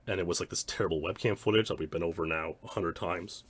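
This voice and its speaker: A man's voice: low voice, quick pace, husky, no echo. A man, a speedrunner, giving rambling, reflective commentary on his own old streams. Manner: rambling, many restarts and "like" fillers.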